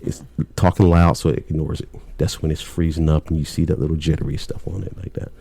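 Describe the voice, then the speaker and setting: A man's voice: very deep voice, little pitch movement, quick pace, vocal fry, mellow, slightly rough, no room sound. A middle-aged man, a cable technician, telling work stories in a blunt, laid-back way with plenty of swearing. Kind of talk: casual storytelling chat.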